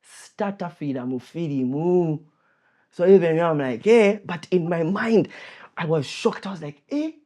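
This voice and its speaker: A man's voice: on the high side, normal speed. A young man co-hosting a casual podcast, telling a story with laughter and acted-out sound effects. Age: young adult. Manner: animated, laughing, acts out scenes with sound effects. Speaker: podcast co-host.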